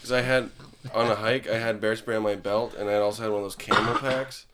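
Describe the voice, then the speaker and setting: A man's voice: fairly low pitch, brisk, heavy background noise. A man on a casual podcast, cracking crude jokes and telling his own anecdotes. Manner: crude joking interjections, lively. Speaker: podcast co-host or guest.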